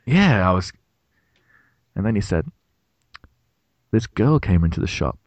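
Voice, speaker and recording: A man's voice: a little slow, no echo, muffled recording. A British man in his thirties, telling a funny story in casual chat and acting out the quotes. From Britain. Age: 30s. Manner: animated storyteller, acts out quotes with big pitch jumps. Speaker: podcast co-host.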